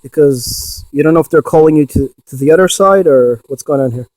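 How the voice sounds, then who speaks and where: Excitable man talking to ghosts. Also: a little high, brisk, no echo. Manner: excitable, talks to spirits, swears when insistent. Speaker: paranormal investigator. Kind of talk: ghost box session vlog.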